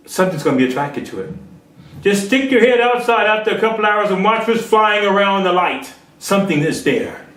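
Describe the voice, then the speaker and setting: A man's voice: high voice, a bit bright. A man preaching a sermon, telling a parable and rising to emphatic peaks. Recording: echoey room, far from mic.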